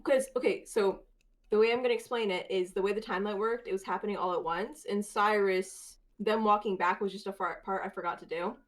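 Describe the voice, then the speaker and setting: A woman running a tabletop game as game master, narrating in a quick, loose way. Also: mid-range voice, fairly even intonation.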